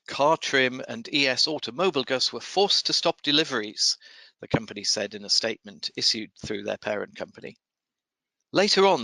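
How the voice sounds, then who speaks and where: A man hosting a podcast, reading procurement news in a measured, dryly wry way and then interviewing a guest. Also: mid-range voice, vocal fry, sharp tone, dry recording, poor audio. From United Kingdom. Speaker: podcast host. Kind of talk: scripted news commentary and interview.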